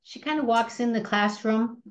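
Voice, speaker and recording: A woman with a slightly high voice, a film company president, is a guest on an interview podcast, telling personal stories at a moderate pace. She's animated, acts out the voices of people in her anecdotes, and restarts often. The audio has highs cut off and slight background noise.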